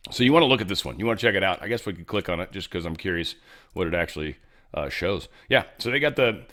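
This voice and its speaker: Rambling male commentary host, low voice. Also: fast. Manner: animated, rambling, fond of asides. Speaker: show host. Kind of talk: casual political commentary.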